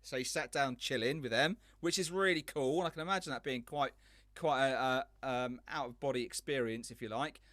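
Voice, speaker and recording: Bright-voiced enthusiastic man. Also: mid-range voice, brisk, dry recording, studio quality. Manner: enthusiastic, rambling storyteller. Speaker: podcast host. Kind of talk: casual chat.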